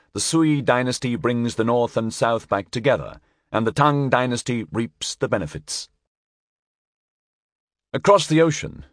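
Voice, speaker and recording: A man narrates history in a measured storytelling voice, his pitch rising and falling with lively expression. The sound is close and dry, with no room around it. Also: dry recording. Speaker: audiobook narrator.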